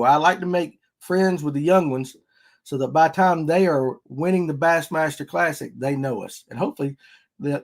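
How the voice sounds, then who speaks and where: A man hosts a casual fishing podcast. His voice sits a little high, and he talks in a folksy, rambling, upbeat way. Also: darkish tone. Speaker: podcast host.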